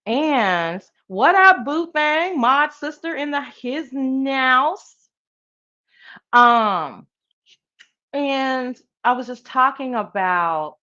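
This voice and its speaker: A woman's voice: mid-range voice, fairly bright tone, muffled recording. A woman hosting a casual live-stream chat, talking in a playful, sassy, slang-filled way and answering her viewers. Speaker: live-stream show host.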